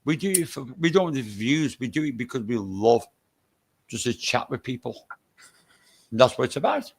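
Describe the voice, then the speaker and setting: Gravelly stoke-on-trent guy with an irish edge, blunt, swears a lot, keeps repeating himself. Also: medium pitch, lively intonation, normal speed. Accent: Stoke-on-Trent with Irish touches. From England. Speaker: guest streamer. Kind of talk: casual live stream chat.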